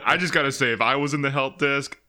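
A man co-hosting a podcast, chatting casually with joking, halting remarks. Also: mid-range voice, bright, forceful tone. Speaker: podcast co-host.

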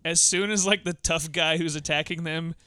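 A man's voice: a little high, fairly even intonation, moderate pace, bright, forceful tone, clear, resonant tone, no room sound. A man co-hosting a casual movie podcast, opinionated and conversational. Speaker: podcast co-host.

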